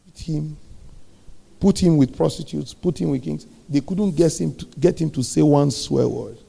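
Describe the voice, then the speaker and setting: A man preaches with a gravelly, rough edge to his fairly high voice. His tone is dark and mellow rather than bright. He drives the sermon with rhetorical questions and sudden swings from loud to hushed. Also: normal speed.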